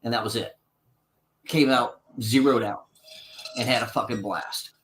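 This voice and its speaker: A man's voice: mid-range voice, steady tone, unhurried, a bit bright, slight background noise. A man casually telling a long, profane anecdote on a podcast, acting out both sides of the talk. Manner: long-winded anecdote, swearing, acts out quotes. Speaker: podcast co-host. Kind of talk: casual storytelling.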